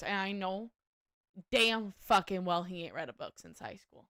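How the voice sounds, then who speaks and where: Woman, livestream host, bright tense voice, dry close sound, swears freely. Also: mid-range voice, unhurried, dry recording. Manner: profane, animated storytelling. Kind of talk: casual chat while gaming.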